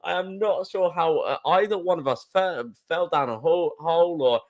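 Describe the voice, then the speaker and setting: A man co-hosting a podcast, telling a story in an excitable way, laughing and restarting often. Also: fairly high pitch, normal speed, dull audio. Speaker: podcast co-host. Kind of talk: casual storytelling chat.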